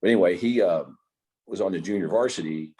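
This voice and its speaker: A man's voice: deep voice, brisk, mellow, slightly rough. An older man from Indiana, a guest telling rambling stories in a casual way and acting out other people's lines, talking over a video call. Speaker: interview guest. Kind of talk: casual storytelling.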